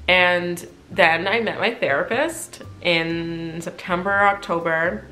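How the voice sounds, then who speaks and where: A woman's voice: fairly low pitch, takes it slowly, faint music behind. A woman in her late twenties telling a personal story to camera in a casual, chatty way, full of "like" fillers. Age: late 20s. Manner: chatty, animated, frequent "like" fillers. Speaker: vlogger.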